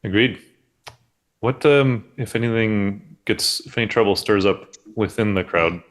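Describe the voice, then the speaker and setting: Male player, low, easygoing in-character talk. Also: measured pace. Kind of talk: casual in-character play.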